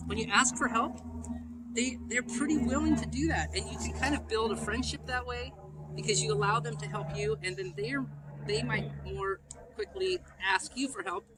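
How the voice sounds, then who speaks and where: Playful high-voiced man talking to kids. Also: moderate pace. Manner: playful, asks kids questions. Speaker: pastor. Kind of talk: children's message. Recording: noisy live room recording.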